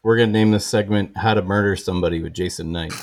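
A man's voice: lowish voice, fairly even intonation, fast talker. A man co-hosting a casual podcast, mostly chiming in briefly and laughing along. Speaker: podcast co-host.

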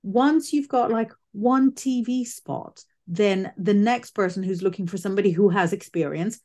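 A woman's voice: medium pitch, moderate pace. Chatty woman guest giving career advice. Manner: chatty, animated, self-correcting. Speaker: psychic medium guest. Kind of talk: casual interview chat.

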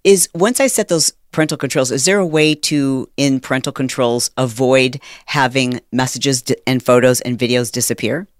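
A woman hosting a podcast who asks curious questions, reacts with quick exclamations, and also reads an ad. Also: rumbling low, dry recording, clean studio sound. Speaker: podcast host. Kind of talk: interview and ad read.

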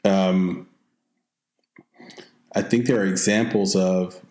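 A man hosting a casual interview, chatty and quick to laugh. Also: deep voice, fairly even intonation, darkish tone. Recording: roomy echo.

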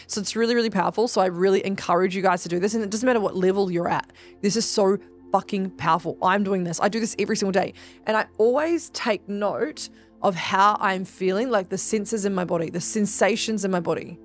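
A woman's voice: medium pitch, brisk, soft background music. Chatty, emphatic woman coach. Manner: chatty and emphatic, swears freely, addresses listeners as guys. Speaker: podcast host and spiritual business coach. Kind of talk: casual motivational monologue.

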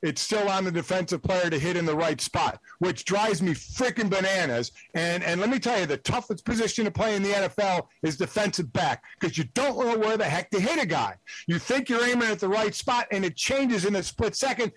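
Guest analyst: blunt ex-player man, higher voice, dry phone-in sound, rambling and emphatic. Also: lively intonation, a little fast, hardly any pauses, a bit bright, dry recording, rough recording. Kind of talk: sports talk radio call-in. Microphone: phone line.

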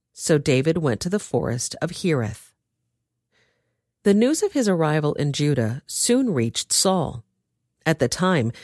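A woman narrating a dramatized scripture reading with expressive storytelling. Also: low-pitched, no room sound, clean studio sound.

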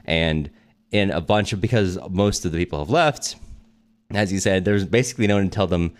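A low-pitched, brisk man co-hosts a podcast, casually summarizing a novel in a relaxed book discussion full of fillers and frequent laughter.

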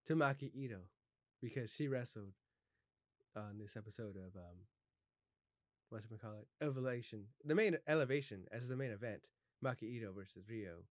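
A man's voice: medium pitch, moderate pace, dry recording, clean studio sound. A man hosting a casual wrestling chat, playful and teasing, sometimes mock-mournful. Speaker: podcast host.

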